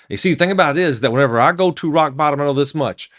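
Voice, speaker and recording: A man's voice: fairly high pitch, racing, few pauses, fairly bright tone. A man preaching a devotional sermon in an emphatic, storytelling manner.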